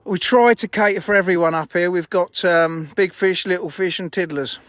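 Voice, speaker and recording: Bloke, fairly high voice, chatty and blunt, dry close phone sound outdoors. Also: male voice, normal speed, a bit bright, no echo. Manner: chatty, blunt, swears casually. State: out of breath. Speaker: fishery owner streaming live. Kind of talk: casual live stream chat. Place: outdoors at a fishing lake.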